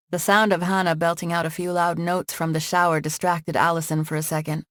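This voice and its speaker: Low-voiced woman narrating an audiobook. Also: little pitch movement, brisk, few pauses, fairly bright tone, dry recording. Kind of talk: scripted narration. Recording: dry studio sound.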